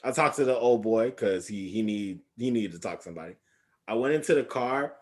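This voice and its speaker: A man co-hosting a podcast, telling an excited story in casual chat. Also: on the low side, a little fast. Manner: animated storytelling, shouts and laughs when excited. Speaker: podcast co-host.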